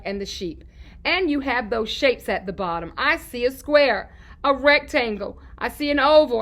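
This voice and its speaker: Teacher, female, for a children's lesson: sing-song delivery, bright and slightly high voice, repeats key words slowly, asks questions and answers them herself.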